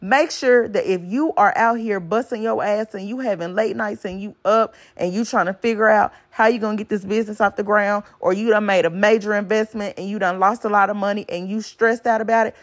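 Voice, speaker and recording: A podcast host speaks in a steady, medium-pitched woman's voice, moving briskly with few pauses. Her casual motivational monologue is aimed straight at listeners, blunt and preachy, with swearing mixed into her advice. She drives each point home by repeating "okay?"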